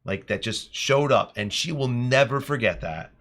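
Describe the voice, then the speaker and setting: A man and teacher telling classroom stories in an earnest, animated podcast chat. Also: mid-range voice, moderate pace. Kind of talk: casual storytelling chat.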